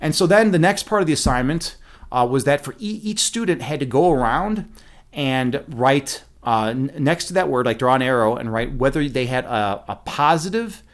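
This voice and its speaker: A man telling a story in a casual rant, animated and profane, with many fillers and restarts. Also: medium pitch, normal speed. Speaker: streamer.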